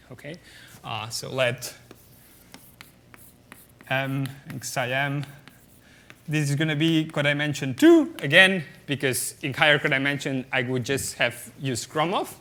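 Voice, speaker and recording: A man's voice: medium pitch, expressive, measured pace, pushed and bright. A man giving a mathematics lecture at a conference, explaining step by step with many fillers and often checking the audience with "okay?".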